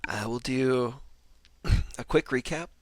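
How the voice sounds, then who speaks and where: A man's voice: mid-range voice, slow pace, no echo. A man running an online tabletop game as game master, playful and laughing between rules reminders on a video call.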